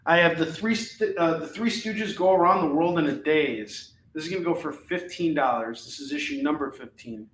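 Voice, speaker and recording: Man, live sales host, casual and chatty, slightly high voice, roomy echo, faint background hum. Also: moderate pace, hardly any pauses, fairly bright tone. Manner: casual, rattles off items and prices, many fillers. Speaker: live shopping show host. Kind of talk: live comic sales pitch.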